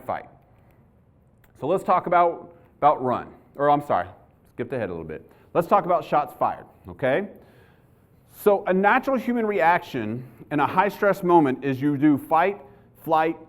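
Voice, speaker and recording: A middle-aged police trainer, giving a live training talk to an audience and telling stories as he goes. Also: a little high. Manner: conversational storyteller, acts out his own panic. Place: university lecture hall.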